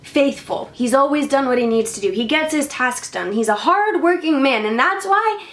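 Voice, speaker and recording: A woman's voice: sits high, lively intonation, normal speed, a bit bright. A woman vlogger telling a story and giving spiritual advice in a casual, slangy, rambling way. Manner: slangy, rambling with many fillers. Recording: roomy echo.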